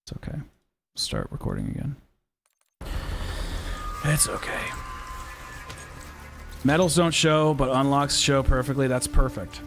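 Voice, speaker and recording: A man's voice: mid-range voice, huge pitch swings, unhurried, gravelly, long pauses. A man streaming a video game, chatting casually with a rambling, self-deprecating manner. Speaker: gaming streamer and YouTuber. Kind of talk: casual livestream chat while playing. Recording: loud game music under the voice. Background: game music and sound effects.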